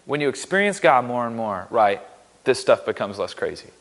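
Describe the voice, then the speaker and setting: A man's voice: mid-range voice, big pitch swings, moderate pace, long reverb tail. A man giving a casual, upbeat sermon in a church, joking and poking fun at himself. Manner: upbeat, joking, self-deprecating. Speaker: pastor.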